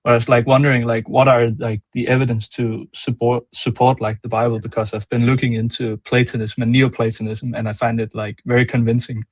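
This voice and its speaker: Young male caller, Danish accent, flat pitch, dry sound, hesitant and halting. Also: no echo. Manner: hesitant, fills with "like" and "um".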